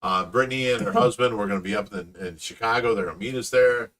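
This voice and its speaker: A middle-aged man hosting a casual live chat, telling stories with lots of laughter and excitement. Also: lowish voice, fast talker, recorded from a distance. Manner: animated storyteller, laughs often. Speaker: fish rescue owner and host.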